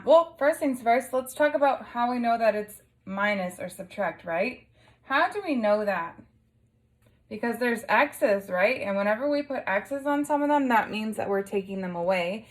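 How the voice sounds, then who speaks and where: A young woman teaching a lesson to young children, patiently sounding out letters and asking simple questions. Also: a little high. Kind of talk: early-grade lesson video.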